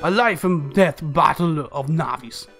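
A man's voice: on the high side, measured pace, a bit bright, soft background music. A man voicing a cold, stern young soldier with a put-on Russian accent, reading game dialogue in a curt, scornful way. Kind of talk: game dialogue read aloud.

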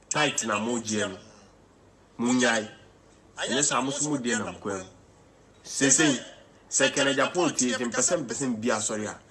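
A man with a Ghanaian accent speaking in a preaching style, switching between English and Twi. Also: medium pitch. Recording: crowd noise behind.

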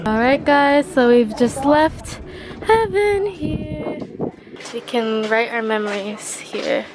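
A woman's voice: a little high, a little slow. A young woman talking casually to a handheld camera while walking outdoors at a farm, full of "like" fillers. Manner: chatty, lots of "like" fillers. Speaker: vlogger. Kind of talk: casual travel vlog narration. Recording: outdoor background noise.

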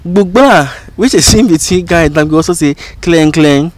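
A man teaching an informal lesson as a channel host, explaining slowly and repeating example phrases. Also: fairly high pitch, lively intonation. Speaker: language educator and channel host.

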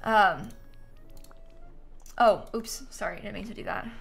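A woman's voice: mid-range voice, a little slow, gravelly, soft background music. A young woman streaming a video game live, chatting casually and reading quest text aloud. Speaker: gaming streamer.

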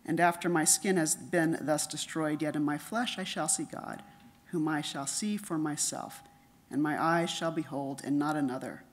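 A middle-aged woman giving a conference lecture, reading her paper in a measured way and dropping softer for quotations. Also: sits low, steady tone, slight background noise. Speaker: conference speaker.

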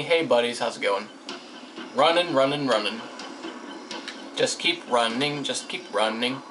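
A young man talks through his gameplay in a goofy, sarcastic, joking voice that sits a bit high, and he often speaks straight to the characters on screen. A steady hiss runs under the home recording. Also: poor audio. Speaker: let's play gamer. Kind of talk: casual gameplay commentary. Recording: home mic with noticeable hiss.

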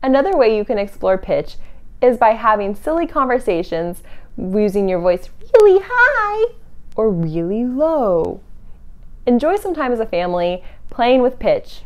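A woman leading a family camp, reading a picture book to children with playful sound effects, then giving simple at-home activity tips. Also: a little high. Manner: animated read-aloud, playful sound effects.

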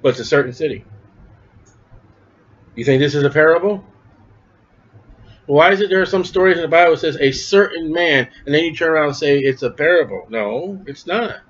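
Speaking in a high voice, a man preaches conversationally, asking questions and answering them himself. He acts out the story's characters by raising his pitch, sounding animated and fairly quick with frequent pauses, on a dull, lo-fi recording.

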